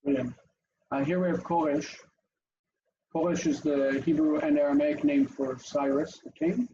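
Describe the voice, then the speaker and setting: A man's voice: on the high side, moderate pace, muffled recording, slight background noise. A man leading an online language class over a video call, calling on students by name and thinking aloud as he explains. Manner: animated, asks students in turn, thinks aloud. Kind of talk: interactive online language lesson.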